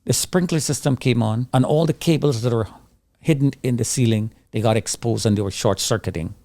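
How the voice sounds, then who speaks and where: A middle-aged man giving an intense personal testimony of surviving a disaster, acting out his own pleas and the shouts he heard. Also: mid-range voice, a little fast, no echo. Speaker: survivor telling his story.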